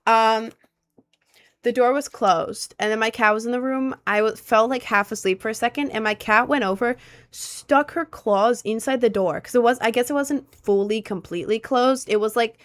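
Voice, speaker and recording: A woman's voice: on the high side, moderate pace. Rambling woman from New York. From New York City. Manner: rambling, lots of filler words. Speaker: streamer. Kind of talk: casual chat reading viewer messages. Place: at home, indoors.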